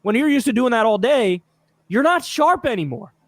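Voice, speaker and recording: A man's voice: extremely high pitch, expressive, moderate pace, fairly bright tone, slight background noise. A man hosting a reaction video, in mocking, profane casual commentary, laughing often.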